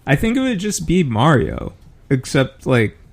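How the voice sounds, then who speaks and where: A man in casual podcast chat, speaking in a measured, deadpan way. His voice is gravelly and sits at a middle pitch. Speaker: podcast co-host.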